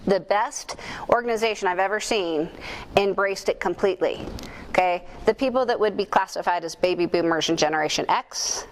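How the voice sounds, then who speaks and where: A woman's voice: mid-range voice, normal speed, a little hiss or hum. A woman speaking at a conference into a microphone, telling stories and asking the audience questions, with jokes at her own expense. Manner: animated storyteller, asks the audience questions, jokes at herself. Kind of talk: lively keynote talk to an audience. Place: conference room at a chamber of commerce. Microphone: handheld or stage microphone.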